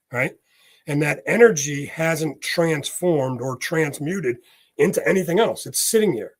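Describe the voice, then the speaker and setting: A man, a medium, talking casually in an interview, explaining ideas with homely examples and often checking in with "right?". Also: a little high. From United States. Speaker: guest, medium.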